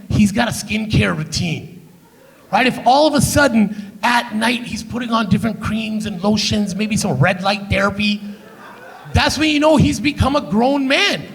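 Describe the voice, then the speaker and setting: A man's voice: sits high, gravelly. A man doing live stand-up comedy with a Canadian accent, brash and profane, teasing the crowd from a theater stage. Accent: Canadian English.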